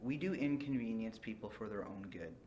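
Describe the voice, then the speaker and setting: A man's voice: fairly low pitch, fairly quick, darkish tone, slight background noise. Earnest man speaking as a podcast guest. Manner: earnest, explains with everyday examples. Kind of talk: casual interview chat.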